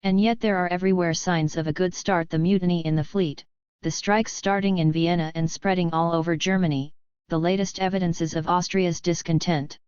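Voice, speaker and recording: A woman reading a memoir aloud as narration, in a steady, measured way. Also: fairly low pitch, clean tone, no echo, dull audio. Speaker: audiobook reader. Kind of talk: scripted narration.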